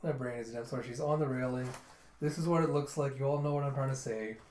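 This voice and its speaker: A man's voice: mid-range voice, fast, a little mellow, slight background noise. A man casually reading through a manga, laughing and switching between character voices. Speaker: manga reviewer. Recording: roomy echo.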